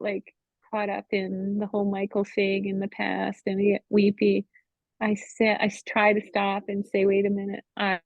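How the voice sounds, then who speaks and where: A woman's voice: mid-range voice, gravelly, no room sound. Emotional woman on a tinny line. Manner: emotional, halting, full of "you know". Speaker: Bible study member. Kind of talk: personal faith testimony. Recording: tinny phone-line sound, dry.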